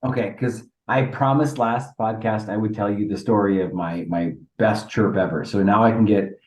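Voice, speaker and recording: A man in his fifties, hosting a podcast and telling a story in a playful, animated way. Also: fairly low pitch, normal speed. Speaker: podcast host. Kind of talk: casual storytelling chat. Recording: roomy sound from a distant mic.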